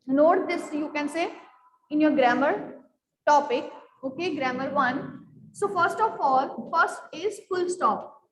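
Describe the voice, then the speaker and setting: High-voiced woman teaching grammar. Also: slight background noise. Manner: repeats questions to the class, fills with "you can say". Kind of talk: classroom grammar lesson. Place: classroom. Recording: echoey room with long reverb.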